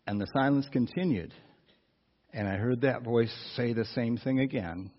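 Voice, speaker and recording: A man preaching through a personal story, animated, with asides to the listeners. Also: medium pitch, moderate pace. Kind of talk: storytelling sermon. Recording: dull lo-fi sound.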